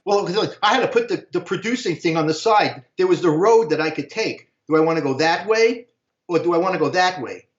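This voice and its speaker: A man's voice: sits high, animated, fairly quick. Rambling older man, echoey lo-fi audio. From United States. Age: 60s. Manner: rambling, slangy, keeps saying "man". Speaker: interview guest. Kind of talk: casual storytelling.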